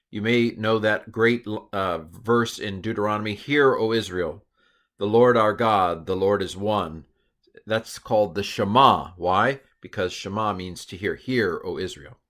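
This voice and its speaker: A man's voice: fairly low pitch, sharp tone. A middle-aged man teaching biblical Hebrew from slides, chatty, with playful asides and frequent self-corrections. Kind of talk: recorded lesson walking through slides.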